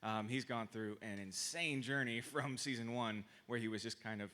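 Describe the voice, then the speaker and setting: A man on a convention stage answers fan questions, hesitant and self-deprecating. His voice is bright, and his mid-pitched talk halts on many ums as he searches for words. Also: normal speed. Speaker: actor guest on a fan panel.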